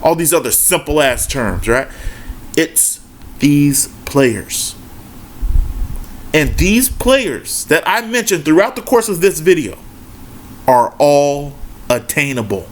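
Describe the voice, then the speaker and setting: A man with a lively, animated voice that rises and falls, talking fast and emphatically. He runs his own basketball commentary channel and keeps asking "right?" and throwing in "man" between points. A faint hiss of noise sits under the recording. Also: on the high side. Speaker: basketball YouTuber. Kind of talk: casual opinion rant.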